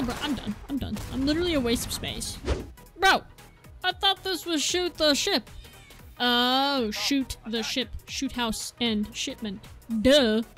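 A woman giving excitable live commentary while playing a shooter game, often apologizing and joking about herself, with game music and gunfire behind her. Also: sits high. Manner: excitable, exclaiming and apologizing a lot; self-deprecating joking. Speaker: gaming video creator. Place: at home, seated at a gaming desk.

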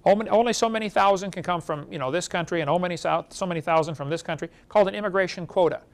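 A man lecturing to a live audience at a creation seminar, animated and throwing rhetorical questions at the room. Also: sits high, rapid-fire.

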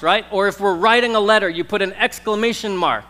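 A man in his thirties preaching a conversational sermon, jumping from loud emphasis to soft, slow stressed words. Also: high voice, long reverb tail. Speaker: pastor. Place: church sanctuary.

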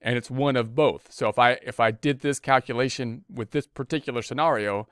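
A man's voice: medium pitch, brisk, smooth, no room sound, studio quality. A man teaching accounting in a screen-recorded spreadsheet lesson, talking through each keystroke step by step in a casual, repetitive way. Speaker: accounting instructor.

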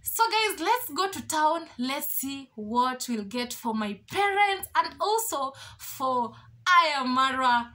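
A young woman talking to her channel in an excited, gushing vlog, repeating herself and thanking everyone. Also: high voice, slow. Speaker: YouTuber. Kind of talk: excited casual vlog talk.

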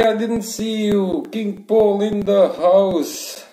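A man's voice: high voice, fairly even intonation, slow pace, warm tone, echoey room, low-quality recording. A man hosting a racing game livestream, chatting casually with viewers and sounding tired and yawning. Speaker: league host and streamer.

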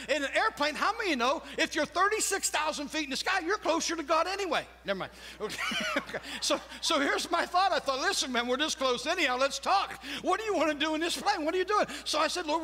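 A man's voice: very high-pitched, lively intonation, fast, sharp tone. A man preaching a sermon as pastor, telling a story with jokes and asking the congregation questions. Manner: storytelling, laughs at own jokes, asks crowd questions. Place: church sanctuary. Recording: long church reverb.

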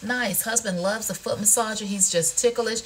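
Demoing a product on a livestream shopping show, this woman chats casually and playfully with viewers, calling them "y'all" and "honey." She speaks in a mid-range voice at a moderate pace, with slight hiss or hum in the audio.

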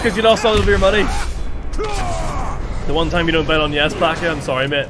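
A young man streaming a video game, chatting casually and excitedly with his viewers. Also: on the high side, fairly quick, long pauses, raised voice. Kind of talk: casual live-stream commentary. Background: game music and sounds.

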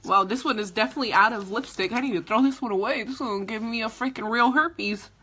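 A woman's voice: on the high side, fast, sharp tone, husky. A woman who is a mother, vlogging live in a casual, dramatic way with squeals, laughter and cursing. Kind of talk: casual livestream chat.

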